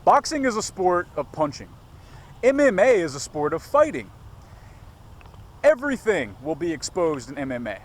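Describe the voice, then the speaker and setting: A man's voice: sits high, big pitch swings, moderate pace, long pauses. A man vlogging on a city street. He talks casually, curses constantly, rambles and keeps digressing. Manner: profane, rambling, digresses often. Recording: faint street noise outdoors.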